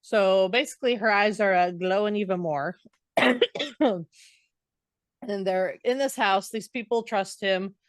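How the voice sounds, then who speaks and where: A woman's voice: medium pitch, slow pace, pauses often, no echo, clean studio sound. A woman co-hosting a podcast, casually retelling a book's chapters in a chatty, loose way with lots of fillers. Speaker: podcast co-host. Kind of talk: casual book recap.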